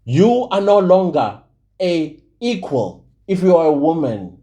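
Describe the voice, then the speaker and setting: A man's voice: on the high side, sing-song, unhurried, dark tone. A South African man hosting his own channel, giving heated, preachy commentary to camera and repeating points for emphasis. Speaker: channel host.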